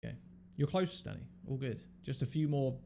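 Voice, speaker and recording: A man's voice: medium pitch, expressive, fairly quick, vocal fry, mellow, a little hiss or hum. A man with a Southern English accent hosting a podcast, chatting casually, joking and swearing freely. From England. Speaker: podcast host. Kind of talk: casual chat.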